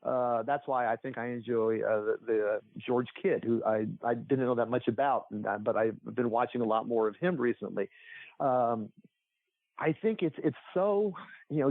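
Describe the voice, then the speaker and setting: A man talks casually on a podcast, wandering through his points with many fillers and restarts. His voice sits in a middle pitch. The sound is thin and phone-like and dry. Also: dry recording. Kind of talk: casual chat. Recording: tinny phone-like line.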